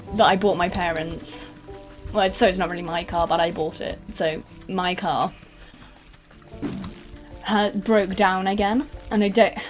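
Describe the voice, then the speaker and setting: A young British woman streaming a game, rambling and chatting casually with some swearing. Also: medium pitch. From United Kingdom. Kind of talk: casual gaming stream chat.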